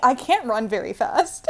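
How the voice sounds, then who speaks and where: A young woman with a somewhat high voice co-hosts a casual podcast. She tells animated stories about herself, breaking into laughter often and swearing offhandedly. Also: slow. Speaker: podcast co-host. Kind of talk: casual chat.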